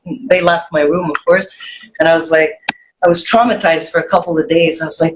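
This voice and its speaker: A woman guest on a casual podcast, telling a story in an animated way and swearing freely, her voice jumping high when she quotes people. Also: fast talker, rough recording.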